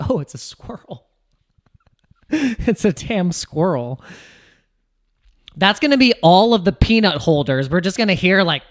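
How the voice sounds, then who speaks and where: An American man rambling through casual livestream chat as a crypto streamer, with lots of restarts and quick jumps in pitch. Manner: rambling, restarts, laughs, animated swings in pitch.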